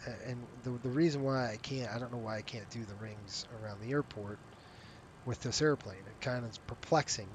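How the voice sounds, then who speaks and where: A man talking his way through a flight simulator stream, voice pitched right in the middle, drifting from one thought to the next and breaking off his own sentences. He sounds tired and keeps yawning, and he speaks to the viewers directly as friends. Faint low rumble sits under his voice. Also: brisk. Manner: rambling, self-interrupting, talks to viewers as "you guys". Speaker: flight sim streamer running a virtual airline. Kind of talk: casual live-stream chat over gameplay.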